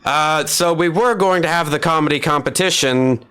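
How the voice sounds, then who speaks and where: A man's voice: fairly high pitch, normal speed, pushed and bright, clear, resonant tone. A man narrating as game master, casual and often laughing.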